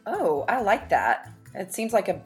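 A woman's voice: medium pitch, sing-song, unhurried, soft background music. A woman co-hosting a podcast, trading mock-dramatic banter during an ad read. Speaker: podcast co-host. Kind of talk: scripted ad banter.

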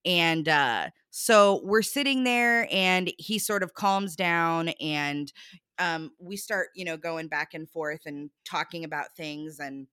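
A woman's voice: low-pitched, takes it slowly, sharp tone, clean tone, dry recording, studio quality. A young adult woman animatedly recounting a bad date in casual chat, acting out the quotes with lots of fillers.

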